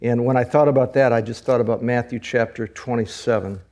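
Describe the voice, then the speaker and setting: A man's voice: mid-range voice, fairly even intonation, a little fast, a little mellow. A male pastor preaching a sermon in an earnest, conversational way, often repeating words.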